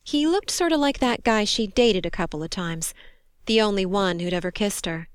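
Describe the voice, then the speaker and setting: A woman reading a war story aloud in steady, measured scripted narration. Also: mid-range voice, clear, resonant tone, dry recording, studio quality. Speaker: audiobook narrator.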